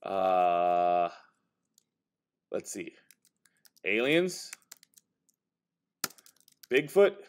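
A male teacher casually demonstrating software to a high school class, talking as he types and correcting himself along the way. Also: sing-song, extremely slow, pauses often, clean tone. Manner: casual, talks while typing, self-correcting.

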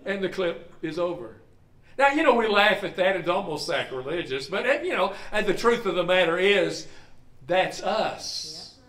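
A man's voice: high-pitched, lively intonation, normal speed, a bit bright, reverberant, far from the mic. A man preaching a sermon in a conversational way, putting questions to the congregation. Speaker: pastor.

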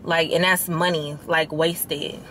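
Speaking slowly in a low voice against slight background noise, a young woman vlogger talks casually to camera. She's chatty and expressive, venting about things and addressing viewers as y'all in her lifestyle vlog.

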